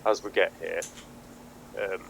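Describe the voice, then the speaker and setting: A man with a fairly low voice narrates a tabletop game as game master. He is playful and quick to laugh. Faint noise sits behind him. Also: fairly even intonation, creaky, poor audio.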